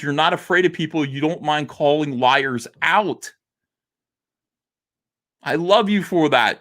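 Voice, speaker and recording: A man hosting a comics livestream, talking in a theatrical monologue that swings between quiet and loud, with frequent laughs. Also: fairly high pitch.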